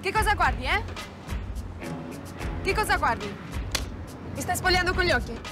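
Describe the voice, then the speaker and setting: Sultry car-ad seductress, purring, coy, over music. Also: female voice, extremely high pitch, lively intonation, moderate pace. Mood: sultry teasing. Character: sultry teasing woman in a car commercial.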